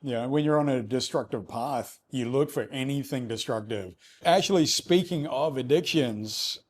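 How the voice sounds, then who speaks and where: A man's voice: medium pitch, normal speed. Laid-back male interviewer. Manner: laid-back, short reactions, casual swearing. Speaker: host, interviewer. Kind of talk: casual interview.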